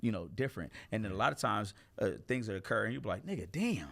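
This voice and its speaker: Male comedian, gravelly voice, bright tone, animated storytelling, loud punchlines, quiet reflective asides. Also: fast talker. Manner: animated, laughing, swearing often, shouts at punchlines; drops low and quiet when reflective. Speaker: comedian guest. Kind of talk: casual storytelling interview.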